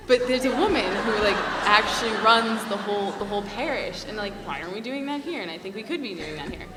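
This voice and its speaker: Background noise fills this distant recording from an echoey hall, where a young adult student panelist speaks with passion and sincerity. Her voice is medium-pitched, and her chatty delivery is full of "like."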